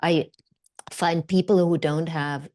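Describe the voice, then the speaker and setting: Middle-aged woman, slightly low voice, chatty interview guest who acts out quotes. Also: slow. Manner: animated storyteller, acts out quoted voices, many fillers and restarts. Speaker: guest actor and director. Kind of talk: casual interview conversation.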